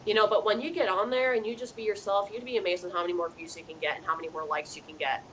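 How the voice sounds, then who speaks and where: A woman's voice: medium pitch, fairly even intonation, rapid-fire, slight background noise, rough recording. A woman hosting a live call-in psychic show, earnestly passing on messages from the dead in first person, with a chatty "you know" style. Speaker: psychic medium host.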